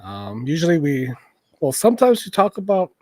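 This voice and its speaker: A man's voice: a little high, very animated, moderate pace, dark tone, no room sound. A man co-hosting a casual podcast while drawing, teasing his friends and drifting into mumbled asides. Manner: joking, teasing, trails off into asides. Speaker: podcast co-host.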